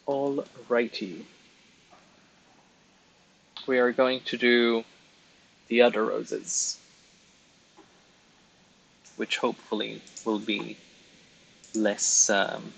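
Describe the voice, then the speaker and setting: Slow, gravelly man chatting on stream. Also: medium pitch, level tone, a little hiss or hum, poor audio. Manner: chatty and self-mocking, giggles often. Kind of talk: casual live-stream chat while colouring.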